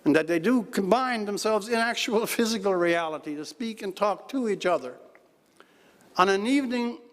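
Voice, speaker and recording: Guy telling dry jokes at a dinner, kinda high voice, big echoey hall. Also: expressive, moderate pace. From Newfoundland, Canada. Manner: wry storytelling with dry jokes. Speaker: keynote speaker. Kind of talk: after-dinner speech. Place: large banquet hall. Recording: hall reverb. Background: audience laughter.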